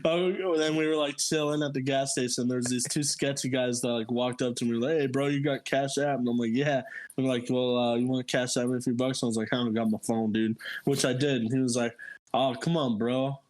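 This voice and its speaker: A young man casually telling a story on a podcast, animated and laughing, jumping into squeaky high voices for quotes. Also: fast. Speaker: podcast co-host.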